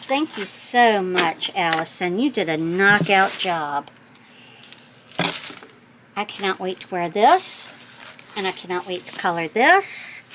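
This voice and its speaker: A middle-aged woman talks slowly through her craft vlog, gushing over each thing and stopping to correct herself as she thinks out loud. Her voice sits at an ordinary middle pitch, with a faint hiss of background noise behind it. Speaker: craft channel host. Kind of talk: casual chat opening happy mail.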